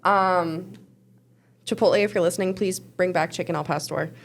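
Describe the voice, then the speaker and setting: A woman's voice: lowish voice, steady tone, normal speed, vocal fry. A woman co-hosting a casual news chat show, chatty with laughing asides. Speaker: co-host.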